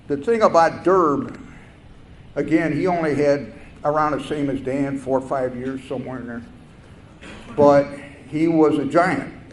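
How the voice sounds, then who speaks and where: An older man telling a personal story at a recovery meeting, halting and reflective, with fillers and restarts. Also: mid-range voice. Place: meeting hall. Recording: echoey room with faint noise.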